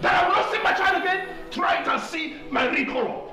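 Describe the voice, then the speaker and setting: An actor with a Nigerian accent playing a domineering, abusive husband who shouts threats. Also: male voice, very high voice, brisk. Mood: raging. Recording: echoey room, mic far off, loud film music.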